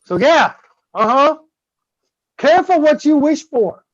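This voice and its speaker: A man tells a story loosely and profanely. He gets louder and livelier at the big moments. The recording is dull and dry. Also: extremely high pitch, very animated, a little slow, no echo. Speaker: guest host. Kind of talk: casual storytelling.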